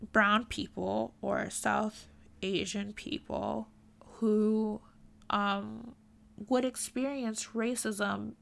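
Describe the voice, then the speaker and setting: A woman's voice: medium pitch, vocal fry. A woman vlogger giving candid, emphatic commentary to camera, with frequent ums and restarts.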